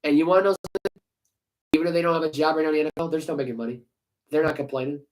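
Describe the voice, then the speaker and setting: A man's voice: fairly high pitch, very fast, low-quality recording. A man co-hosting a sports podcast, ranting heatedly with profanity and sarcastic rhetorical questions. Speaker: podcast co-host. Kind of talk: casual sports podcast rant.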